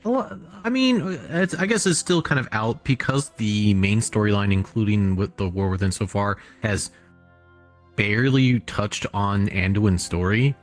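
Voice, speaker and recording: A man co-hosting a live stream who talks in a measured, reasoning way. His voice sits somewhat low. Faint music plays in the background. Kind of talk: casual live-stream chat.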